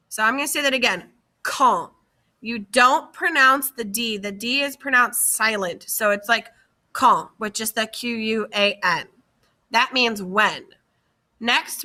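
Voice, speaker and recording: Woman, language teacher, slightly high voice, unhurried slide lesson with careful repetition. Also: pushed and bright. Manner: slow, careful, repeats key words for students. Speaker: French teacher. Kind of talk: slide-based classroom lesson.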